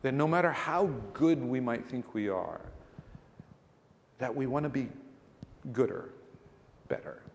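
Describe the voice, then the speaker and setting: A male pastor preaching in a plain, conversational way, leaning on rhetorical questions and emphatic points. His voice sits at an ordinary middle pitch for a man. The sound carries a long, lingering reverb, like a large church hall. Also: sing-song, measured pace, vocal fry, long pauses, a little hiss or hum. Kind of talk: sermon.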